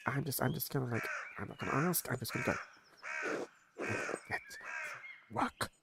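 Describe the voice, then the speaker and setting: A man's voice: mid-range voice, animated, normal speed, vocal fry, noisy background. A man streaming a story game, reading along and making joking, rambling asides full of fillers. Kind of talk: casual game commentary.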